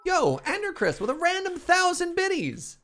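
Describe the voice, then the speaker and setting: A man's voice: very high-pitched, huge pitch swings, normal speed, a bit bright, soft background music. A man casually commenting as he streams a building game, chatty and playful, talking to his chat.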